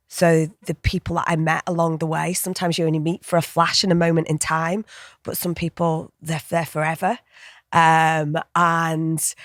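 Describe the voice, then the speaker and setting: A woman's voice: on the low side, no echo, studio quality. A woman in her fifties with a northern English accent, chatting as an interview guest, often laughing and restarting her sentences. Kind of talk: casual interview conversation.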